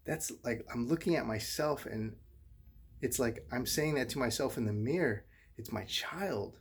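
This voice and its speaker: A middle-aged man, a father, telling viewers a painful personal story in a halting, earnest way, often repeating himself. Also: mid-range voice, slight background noise. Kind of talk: emotional personal monologue to viewers.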